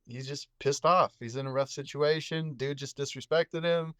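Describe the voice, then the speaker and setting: A man's voice: mid-range voice, normal speed, a bit bright, no echo. Laid-back man telling a story. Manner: laid-back slang, many fillers like "dude" and "bro". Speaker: podcast guest, psychiatric nurse. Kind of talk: casual storytelling.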